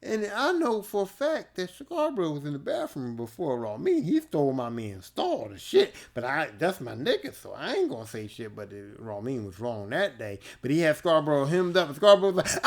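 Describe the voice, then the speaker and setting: A man's voice: on the high side, big pitch swings, moderate pace. Profane, laid-back man telling stories. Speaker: podcast host. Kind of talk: casual storytelling monologue.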